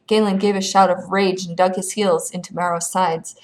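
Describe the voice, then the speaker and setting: A woman reading a children's fantasy novel aloud with steady, expressive storytelling. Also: on the low side, fairly quick, few pauses. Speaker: audiobook reader.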